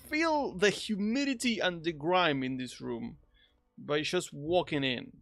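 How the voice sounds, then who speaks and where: Gravelly, joking game streamer man. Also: on the high side, expressive, a little slow, dry recording. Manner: joking, rambling, reacts out loud. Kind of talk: casual gameplay commentary.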